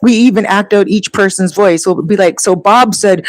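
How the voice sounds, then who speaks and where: A woman's voice: medium pitch, normal speed, few pauses, no room sound, poor audio. A woman talking casually to her viewers, rambling and long-winded as she tells stories. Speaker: vlogger. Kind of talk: casual chat.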